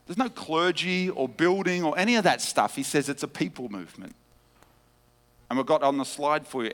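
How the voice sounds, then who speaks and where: A man preaching a teaching sermon, emphatic, with wide swings of pitch and loudness. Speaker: pastor. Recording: long hall reverb.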